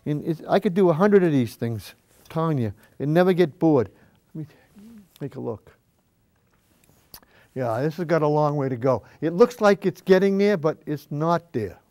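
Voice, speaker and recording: Pausing often, an older man with a slightly high, darkish voice and lively intonation talks at normal speed on a dry recording. He hosts a casual painting demonstration from a high school cable TV studio, rambling in a folksy manner and sometimes backing off the mic to view the canvas.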